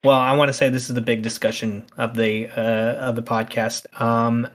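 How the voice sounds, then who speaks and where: A man hosting a casual podcast chat, talking in animated, heated rants. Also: medium pitch, normal speed. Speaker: podcast host.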